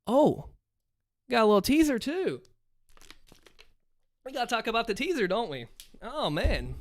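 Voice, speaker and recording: A man's voice: very high voice, big pitch swings, moderate pace, no room sound, studio quality. A man in his thirties hosting a livestream, chatting casually and upbeat with his viewers. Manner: upbeat, chatty, talks to chat. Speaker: livestream host and story narrator.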